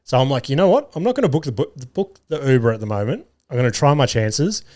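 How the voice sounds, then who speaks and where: An Australian man hosting a podcast, telling a self-mocking story in a casual, animated way and swearing often. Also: mid-range voice, fast talker. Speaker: podcast host. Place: home garage studio.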